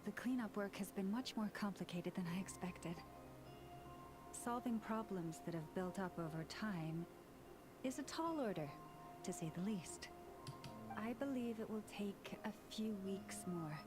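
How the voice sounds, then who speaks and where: A woman voicing a calm, earnest community leader who speaks in a measured, gentle way in a video game. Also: medium pitch, natural voice. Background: game music.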